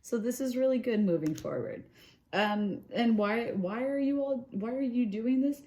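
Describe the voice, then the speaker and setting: A woman giving a casual tarot reading. She is chatty and animated, often checks in with "okay?" and "right?", and acts out inner thoughts in quoted asides. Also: a little high, normal speed. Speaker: tarot reader.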